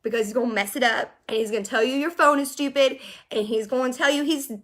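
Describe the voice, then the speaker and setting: A young woman telling a story casually to her viewers, animated and exasperated as she vents. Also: high voice, fast. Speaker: vlogger.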